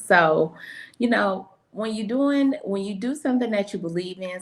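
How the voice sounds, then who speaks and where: A woman's voice: fairly low pitch, gravelly. A woman co-hosting a radio show, talking casually in a loose, chatty way. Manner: chatty, loose, many fillers. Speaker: radio co-host.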